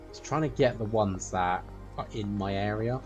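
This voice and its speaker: A man's voice: fairly low pitch, normal speed, highs cut off. A man giving a running let's play commentary and chatting to the characters in the game. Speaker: gameplay streamer. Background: game music.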